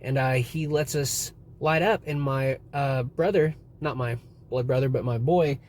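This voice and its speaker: With a mid-range, unhurried delivery, a young man vlogs casually, wandering through his story with lots of profanity and lively retelling. A little hiss or hum sits under the audio.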